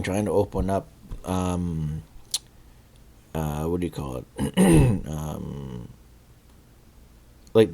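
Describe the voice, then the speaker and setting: A man giving a casual, rambling spoken review, with many fillers, restarts and pauses while he searches for words. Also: low voice, dark tone. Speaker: video reviewer.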